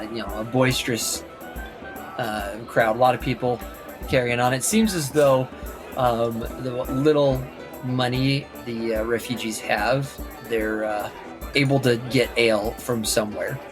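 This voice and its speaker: A man running a tabletop game as game master, narrating hesitantly with many pauses and fillers. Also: mid-range voice.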